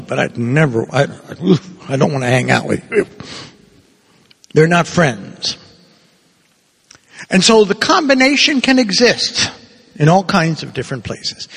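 A priest in his sixties giving a sermon, playful and animated, acting out little quotes as he goes. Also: high voice, husky. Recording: reverberant hall.

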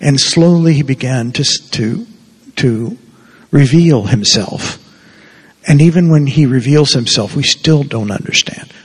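A man preaching a sermon slowly and earnestly, dropping to a soft hush when he quotes gentle words. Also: medium pitch. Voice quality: gravelly, husky. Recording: long reverb of a large hall.

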